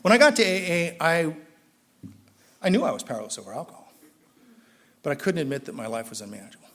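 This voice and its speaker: A middle-aged man with a Southern Californian accent, telling his recovery story at a meeting and acting out the people in it, rising loud and high when excited. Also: fast. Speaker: AA speaker.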